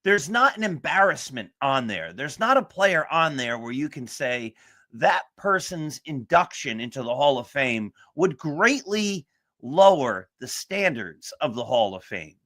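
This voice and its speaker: Man, sports show host, earnest, emphatic, slightly high voice, unhurried pace. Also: sing-song, pushed and bright. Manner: earnest, emphatic motivational delivery. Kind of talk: sports talk monologue.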